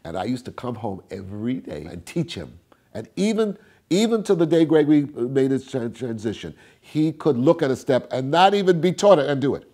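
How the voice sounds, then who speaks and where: Animated older man, husky storyteller. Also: a little fast. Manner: animated storyteller, acts out quotes with big swings in pitch and volume. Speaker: interviewee, tap dancer. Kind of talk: storytelling interview.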